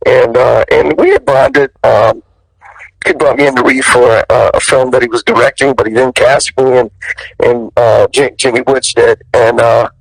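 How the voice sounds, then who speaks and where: Gravelly man telling a showbiz story. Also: normal speed, no echo, low-quality recording. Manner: lively, profane, leaps high when quoting people. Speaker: guest actor. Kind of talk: animated storytelling in an interview.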